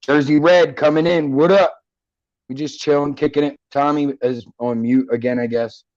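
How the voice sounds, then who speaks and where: A man's voice: fairly high pitch, fairly even intonation, moderate pace, a little mellow, no echo, highs cut off. A man with a Philadelphia accent hosting a casual, profane, joking chat show from home. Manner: jokey, profane, slips into mock accents. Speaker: podcast host. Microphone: computer mic.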